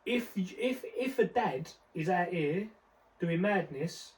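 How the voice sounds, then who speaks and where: A man's voice: high-pitched, lively intonation, slow, recorded from a distance, poor audio. A young man, talking in a casual podcast discussion, emphatic and full of street slang, often repeating words as he builds his point. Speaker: podcast co-host.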